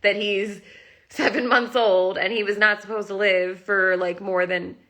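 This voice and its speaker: Emotional woman with a gravelly voice. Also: medium pitch, steady tone, unhurried, sharp tone. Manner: emotional, rambling, many "like"s. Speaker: kitten rescuer talking on a live stream. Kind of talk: casual live-stream chat. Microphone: phone.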